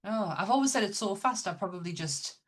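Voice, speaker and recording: With a medium-pitched, animated voice and a slightly fast delivery, a woman from Northern England co-hosts a podcast. The talk is casual and excited, all about films, and she restarts herself a lot.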